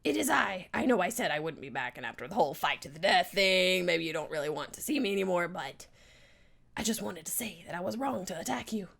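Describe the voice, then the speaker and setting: A woman voicing a gruff, repentant male spork monster in a strained, gravelly voice, solemn and theatrical. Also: on the low side, animated, fairly quick, a bit bright, heavily acted.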